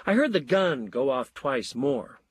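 A man narrating a story in a wry, measured way. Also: medium pitch, sing-song, breathy edge, dry recording.

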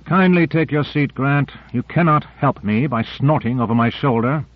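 A man's voice: mid-range voice, normal speed, no room sound, voice pushed up, natural voice. Male reader doing arrogant surgeon, curt commands, dry thin phone-like sound. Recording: dry narrow phone-like audio.

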